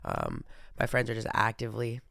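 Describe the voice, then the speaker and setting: A man's voice: on the low side, huge pitch swings, moderate pace, vocal fry, bright, forceful tone, dry recording, clean studio sound. A young man hosting a casual monologue, rambling with many fillers and restarts. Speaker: podcast host.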